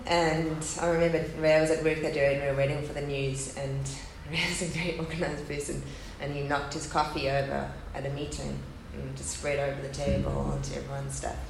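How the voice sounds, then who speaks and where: A woman's voice: deep voice, flat delivery, fairly quick, creaky, few pauses. A woman in her thirties giving a candid, earnest personal testimony talk to an audience at a faith gathering. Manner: candid and earnest, speaking of loss. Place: hall with a live audience. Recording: echoey hall, faint background hum.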